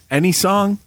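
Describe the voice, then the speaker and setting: A man's voice: sits high, background noise. A man co-hosting a casual chat show, laid-back and rambling as he explains things. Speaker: co-host.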